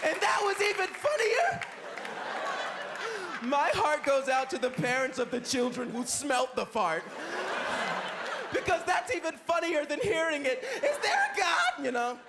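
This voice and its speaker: High, animated American comedian on stage. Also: male voice, unhurried, over a noisy crowd. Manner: animated, acts out screaming kids and voices. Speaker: stand-up comedian. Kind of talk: stand-up comedy set. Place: comedy club stage with live audience. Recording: live stage set with audience laughter and noise.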